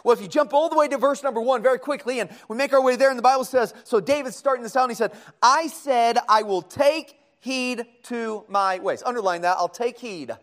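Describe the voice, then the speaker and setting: High-voiced man preaching a sermon. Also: fast, few pauses. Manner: folksy, conversational, asks the congregation questions. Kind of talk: sermon, Bible study.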